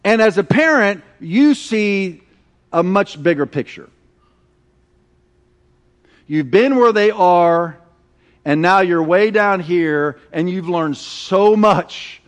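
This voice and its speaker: Animated high-voiced male preacher. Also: slow, long pauses. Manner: animated storytelling, acting out quoted voices. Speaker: pastor. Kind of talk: sermon.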